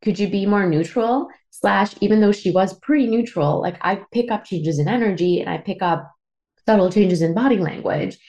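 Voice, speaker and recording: A woman from Canada, in her thirties, speaks with a mid-range, darkish voice at a moderate pace as she hosts a podcast. Her personal story is candid and sometimes tearful, and she swears and uses lots of fillers.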